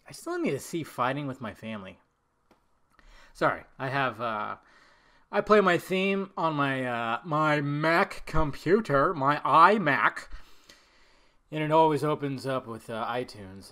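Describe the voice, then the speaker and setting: A man hosting his own podcast, talking casually in a rambling, profane way with big swings in loudness. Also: mid-range voice, lively intonation, a little slow. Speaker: podcast host. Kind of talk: casual solo podcast chat.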